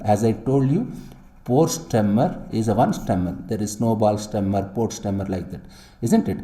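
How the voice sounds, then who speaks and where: A man lecturing slowly, his dark, mellow voice rising and falling widely in pitch. He repeats each phrase several times and tosses in rhetorical questions. The sound is echoey, as if recorded in a bare room. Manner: repetitive, emphatic teaching with rhetorical questions. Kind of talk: classroom lecture.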